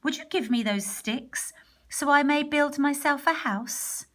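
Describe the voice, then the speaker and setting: A woman voicing small young male pigs in a storybook reading, high and emphatic. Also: measured pace, fairly bright tone. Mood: squeaky.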